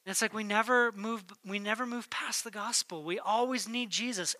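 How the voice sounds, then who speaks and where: A male pastor delivers a sermon in a high, strikingly bright voice, recorded close and dry. He drives his points with emphasis, then drops almost to a whisper. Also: dry recording. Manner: emphatic, swings between loud declarations and hushed near-whispers. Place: church.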